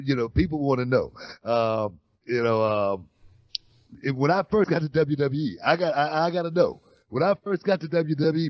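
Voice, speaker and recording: A man's voice: fairly high pitch, no room sound. A man telling a story as a guest in a casual conversation, full of "you know" fillers. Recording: dull lo-fi dry sound.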